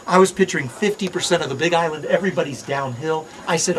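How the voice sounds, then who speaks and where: A man's voice: a little high, fast, a bit bright. A middle-aged man from Hawaii giving an outdoor park ranger talk, joking with visitors and quizzing them on the sights. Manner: playful, quizzes the crowd and jokes. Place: outdoors at a volcano viewpoint. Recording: outdoor recording with audible crowd.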